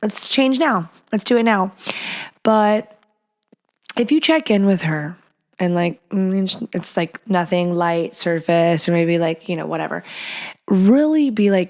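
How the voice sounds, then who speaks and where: A woman's voice: fairly low pitch, measured pace, a little mellow. A woman hosting a podcast, giving frank, playful advice in a casual chat, sometimes dropping into a whisper. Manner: blunt and playful, slips into whispers and acted quotes. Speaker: podcast host.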